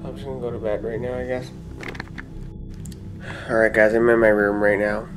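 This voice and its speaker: A young man filming a vlog on a phone at night inside a house, talking in a hushed, frightened voice and repeating himself. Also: on the low side, fairly even intonation, moderate pace, music in the background, low-quality recording. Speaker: vlogger. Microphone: phone held in hand.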